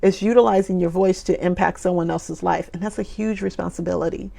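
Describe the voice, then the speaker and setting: A woman's voice: lowish voice, steady tone, brisk, gravelly, dark tone. A woman coaching viewers on video confidence in an emphatic, motivational talk, repeating key phrases for emphasis.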